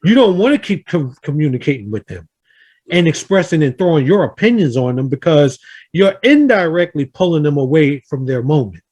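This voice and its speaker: Here a round table host, a man with a slightly high voice and slightly fast pace, tells a family story in a casual group chat. He's earnest and animated, voicing the quotes as he goes.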